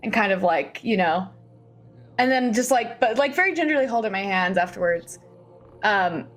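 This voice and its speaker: A woman talking casually at a tabletop game, hedging her actions with lots of fillers. Her pitch sits in the middle of the range, with faint music in the background. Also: expressive, moderate pace. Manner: hesitant, filler-heavy. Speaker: player.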